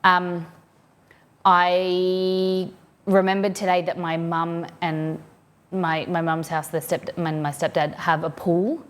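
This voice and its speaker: Chatty Australian woman, lowish voice. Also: flat delivery, takes it slowly. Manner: chatty, rambling, reads viewers' messages aloud. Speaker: livestreamer. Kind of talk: casual chat with viewers. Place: home office, at her desk.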